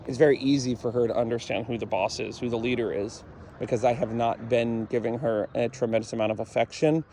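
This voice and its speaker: Outdoors with a faint traffic hum behind him, a man with a middle-pitched voice explains dog training bluntly and matter-of-factly, repeating his points. His intonation is fairly even and his pace a little fast, in casual explanatory commentary as he trains.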